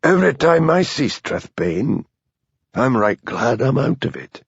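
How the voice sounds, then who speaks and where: A man's voice: medium pitch, sing-song, a little slow, vocal fry, slightly rough, no room sound, pitched above the performer's own voice, exaggerated voice. A man voicing a sleepy, wary village man who mumbles and grumbles. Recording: dull lo-fi audiobook recording.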